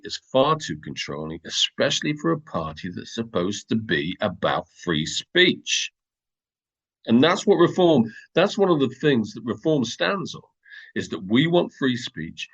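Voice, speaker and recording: A man's voice: fairly low pitch, big pitch swings, measured pace, a bit bright, breathy edge, muffled recording. A man from Britain, a former local party chairman, speaking emphatically as a guest in a political interview over a video call. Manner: emphatic, stresses words, lists things.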